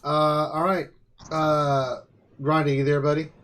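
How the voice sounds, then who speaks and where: A man hosting a live Q&A, briskly reading out listener questions. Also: fairly high pitch, flat delivery, fairly bright tone, a little hiss or hum. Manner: brisk, reads questions out plainly.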